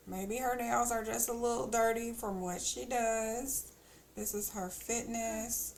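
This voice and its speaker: A woman's voice: on the high side, fairly even intonation, unhurried, vocal fry. A woman streamer chatting casually as she plays, thinking aloud with teasing asides. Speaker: game streamer. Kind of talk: casual gameplay commentary.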